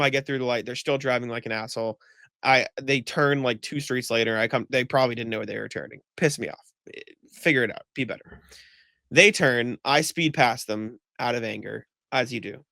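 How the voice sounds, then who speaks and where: Casual podcast co-host, a man with a gravelly, fry-heavy voice, venting through a long story. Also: mid-range voice, sharp tone, dry recording. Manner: rambling storytelling with many "like" fillers and swearing; exasperated ranting. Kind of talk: casual chat.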